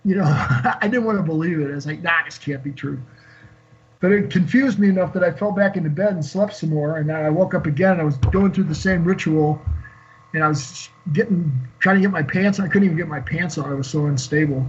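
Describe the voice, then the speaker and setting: A man in his sixties, a guest on an interview show, telling an emotional personal story in a halting way with many fillers and restarts. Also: fairly high pitch. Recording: dull lo-fi call audio.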